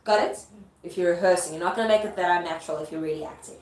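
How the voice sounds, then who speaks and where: A woman's voice: on the low side, a little mellow, slight background noise. A woman teacher explaining Shakespeare in a casual, chatty lesson, often checking that her listener follows. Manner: chatty, checks understanding with quick asides. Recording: echoey room with faint ambience.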